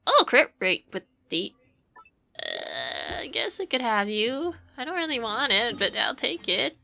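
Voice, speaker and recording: A woman's voice: on the high side, wildly swooping pitch, unhurried, vocal fry, bright, forceful tone. A woman streamer giving casual gameplay commentary, rambling playfully to her viewers and swearing now and then.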